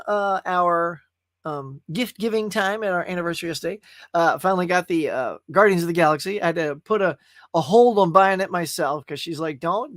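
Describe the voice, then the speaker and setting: A man's voice: high-pitched, a bit bright, no room sound, studio quality. A man hosting a live movie chat stream, casual and folksy, chatting straight to his viewers. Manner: chatty and folksy, often calls viewers "y'all".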